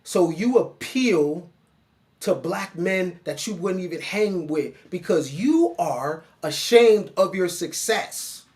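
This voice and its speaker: A man with a high-pitched voice delivers a reaction commentary monologue. He lectures in an animated, mocking way, talking straight at the person he criticizes. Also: slow pace. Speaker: online commentator.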